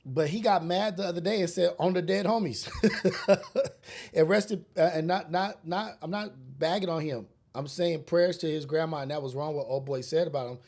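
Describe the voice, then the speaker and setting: In a fairly high, slightly mellow voice at normal speed, a man hosts a casual solo podcast. He came up in a rough urban neighborhood and rants in a blunt, preachy way, cursing and using street slang.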